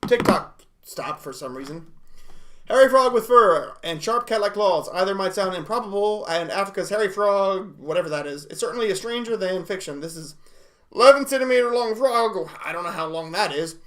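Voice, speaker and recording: An excitable young man hosts a casual livestream, reading and reacting out loud. His voice sits high and sounds bright and forward. He laughs often and bursts into exclamations. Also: brisk. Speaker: livestream host.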